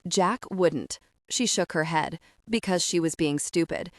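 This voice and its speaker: A woman reading a romance audiobook in a measured, steady storytelling voice. Her pitch is on the lower side, and the studio sound is dry and close with no echo. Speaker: audiobook narrator. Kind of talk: scripted audiobook narration.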